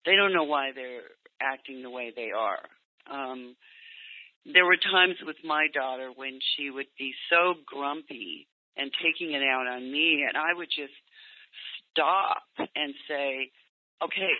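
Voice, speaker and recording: A man coaching parents on a call, speaking gently and acting out what parents and teens might say. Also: medium pitch, a little slow. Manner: gentle, acts out parent and teen lines in quotes. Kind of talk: coaching session over a call. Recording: tinny phone line, dry.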